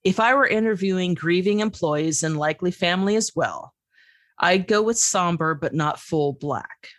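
Woman reading out a smooth fussy husband, patient and instructive, low and dry, no room sound. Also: lively intonation, moderate pace, no echo, lightly acted. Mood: patiently instructive. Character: suave fussy male fashion-minded husband. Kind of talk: reading aloud from a novel.

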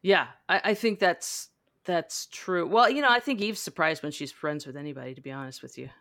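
A woman hosting a casual book discussion, talking in a halting way with lots of fillers. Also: fairly low pitch, fairly bright tone, no room sound, studio quality. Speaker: podcast host. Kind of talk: casual book-club chat.

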